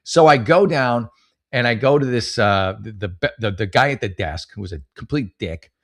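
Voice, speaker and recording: A man's voice: on the low side, lively intonation, normal speed, a bit bright. Rambling, cursing male podcast host. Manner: rambling, swearing, storytelling with many restarts. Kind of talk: casual comedic monologue.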